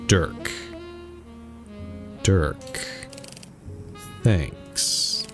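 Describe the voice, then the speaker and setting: A low-voiced Canadian man streaming a game, musing and thinking aloud with halting restarts. Faint game music plays behind him. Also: expressive, a little mellow. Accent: Canadian English. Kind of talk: casual let's-play commentary.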